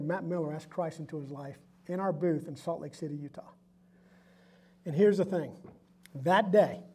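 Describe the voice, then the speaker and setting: Husky man telling a lively story. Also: a little high. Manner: animated storyteller acting out dialogue. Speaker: company founder sharing testimony. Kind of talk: storytelling talk to a live group.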